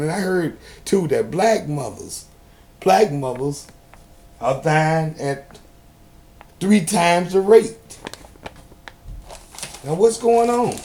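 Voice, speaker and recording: A man talking to the camera in a homemade video, preachy and sarcastic, often rising to loud outbursts. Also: fairly high pitch. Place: indoors at home.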